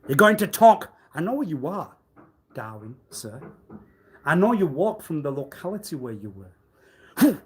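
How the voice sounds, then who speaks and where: A man on a live stream delivering a rambling, accusatory monologue, swinging between loud outbursts and low muttering. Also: sing-song, a little slow, long pauses, breathy edge. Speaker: livestreamer.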